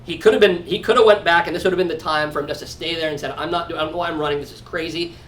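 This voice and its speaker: A male pastor leading a Bible study, talking conversationally and acting out quoted lines in sudden high outbursts. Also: steady tone, very fast, fairly bright tone. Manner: conversational, frequent restarts and asides. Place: church. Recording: distant mic in a room with faint background noise.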